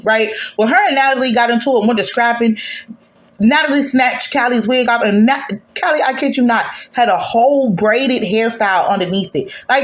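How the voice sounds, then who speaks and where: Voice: mid-range voice, echoey room. A host giving a casual gossip recap of a reality show in a sassy, profane, emphatic way.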